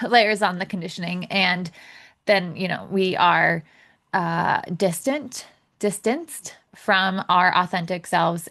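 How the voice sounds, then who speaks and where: A young adult woman hosts her own podcast and talks through it in a loose, chatty way. She fills her sentences with "like" and "you know" and laughs lightly between thoughts. Her voice sits at an ordinary middle pitch for a woman. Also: fairly bright tone. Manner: chatty, full of fillers and laughs. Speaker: podcast host. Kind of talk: casual solo podcast talk.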